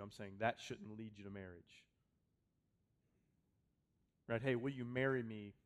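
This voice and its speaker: Man preaching with dramatic repetition. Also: mid-range voice. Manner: conversational preaching with repeated phrases and sudden volume swings. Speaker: pastor. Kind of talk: sermon. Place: church hall with a congregation.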